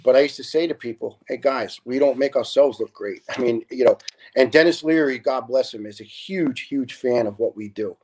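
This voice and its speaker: Animated, profane New storyteller man. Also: medium pitch, moderate pace, a little hiss or hum. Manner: animated, profane storyteller who acts out dialogue. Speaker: podcast guest, retired fire lieutenant. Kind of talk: casual storytelling.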